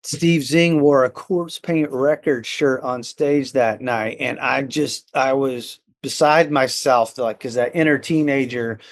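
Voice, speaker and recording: A middle-aged man, a musician guest on a podcast, telling stories in an excited, rambling way full of fillers and restarts. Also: mid-range voice, unhurried, hardly any pauses. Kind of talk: casual storytelling chat.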